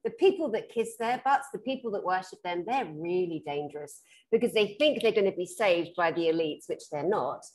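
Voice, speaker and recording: A British woman, a spiritual therapist, telling stories in a frank, lively, casual chat. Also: on the low side, fairly quick. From Britain. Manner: animated storyteller who acts out the people she quotes; frank and blunt, laughs through her stories.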